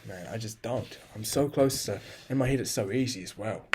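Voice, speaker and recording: A man's voice: on the low side, moderate pace, a little mellow, breathy edge. A man keeping a casual video journal, bluntly and profanely telling himself off in the second person. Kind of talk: casual self-talk journal.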